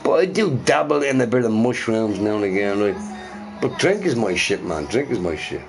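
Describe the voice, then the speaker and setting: A man's voice: fairly low pitch, very animated, moderate pace. Rambling, swearing middle-aged man streaming. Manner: rambling and profane, repeating himself. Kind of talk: casual live-stream chat. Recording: faint music behind.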